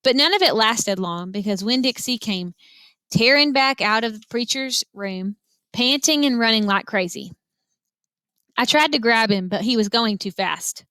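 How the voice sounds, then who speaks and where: A woman teacher reading a novel aloud to her students, telling them to follow along, with an expressive read-aloud manner. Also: fairly high pitch, normal speed, clear, resonant tone, dry recording.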